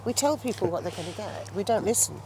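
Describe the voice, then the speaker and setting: A woman's voice: mid-range voice, lively intonation, fast. A woman trainer talking through her views in an outdoor interview, emphatic, acting out quoted exchanges with a pointed tone. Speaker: trainer for estate agents, guest. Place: outdoors by a towpath with passing traffic. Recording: outdoor recording with clear street noise.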